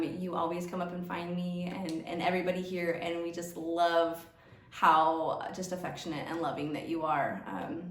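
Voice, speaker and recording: A woman teacher giving heartfelt end-of-year praise to students, halting, with many fillers. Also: medium pitch, far from the mic. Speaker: teacher at a school program. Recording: echoey room, voice from off-mic.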